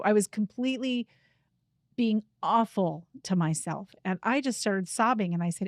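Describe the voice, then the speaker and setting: A middle-aged woman speaking earnestly and from the heart, leading listeners through a calm guided practice. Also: medium pitch, normal speed, dry recording, studio quality. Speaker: grief coach and host. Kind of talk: reflective personal talk and guided practice.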